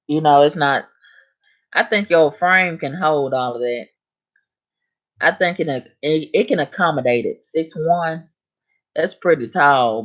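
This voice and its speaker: A woman hosting a casual live stream, chatting with viewers and answering their comments in relaxed vernacular speech. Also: sits low. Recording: dull lo-fi stream audio.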